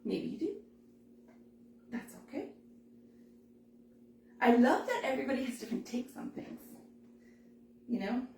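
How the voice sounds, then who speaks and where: A woman giving a live balloon-making tutorial, chatty and quick to laugh as she works. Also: on the high side, sing-song, a little mellow, reverberant, far from the mic, slight background noise. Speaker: balloon instructor.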